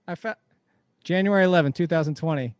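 Chatty fantasy football host, man, slightly high voice, dry close sound. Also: quick pace, dry recording. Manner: chatty, rambling, laughs easily. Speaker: podcast host. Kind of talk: casual fantasy football talk.

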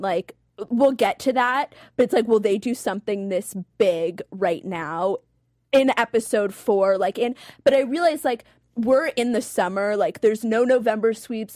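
A woman's voice: a little high, no echo, clean studio sound. A young woman co-hosting a casual chat, talking animatedly and filling her sentences with "like". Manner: chatty, lots of "like", animated storytelling. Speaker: co-host.

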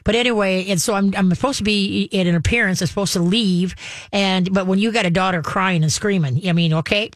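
A woman's voice: medium pitch, fairly even intonation, brisk, dry recording, studio quality. A woman telling a long story in casual conversation, full of fillers and restarts. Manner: rambling, many fillers and restarts.

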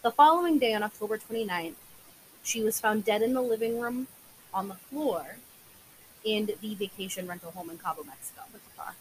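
A woman's voice: medium pitch, fairly quick, low-quality recording. Young woman, podcast co-host, casual true crime chat, lots of fillers, faint hiss. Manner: filler-heavy, recounting case details.

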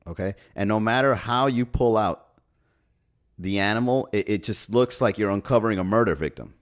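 A man's voice: lowish voice, moderate pace. A man hosting a podcast, talking in a wry, sarcastic comic monologue and laughing at his own jokes. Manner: swears casually. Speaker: podcast host. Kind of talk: casual comedic podcast monologue.

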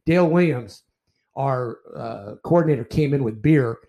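An older man spins baseball war stories in a dark, mellow voice. He swears freely, gets animated, and keeps circling back to restart his sentences. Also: medium pitch, normal speed. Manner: profane, animated anecdotes with repeated restarts. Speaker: retired baseball umpire. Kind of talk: casual storytelling in a podcast interview.

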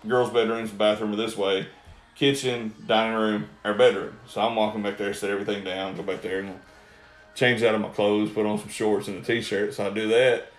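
A man's voice: lowish voice, fairly even intonation, a little fast, faint music behind. A man telling rambling, profane stories with lots of laughter on a casual podcast. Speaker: guest storyteller. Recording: roomy echo.

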